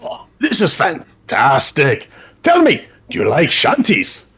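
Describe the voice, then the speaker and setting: Man doing a talking magic ship, cheerful, exclamatory, high voice, swooping pitch, husky. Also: huge pitch swings, slow, fairly bright tone, heavily acted. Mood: excited. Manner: bubbly, exclamatory, rambling.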